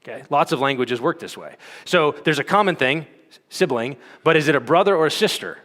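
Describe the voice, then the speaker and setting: Teaching at a conference in a casual, talky way, a man uses lots of fillers and keeps asking the audience "okay?" His voice leans high, expressive and fairly bright, at a slightly fast clip. The recording has long hall reverb.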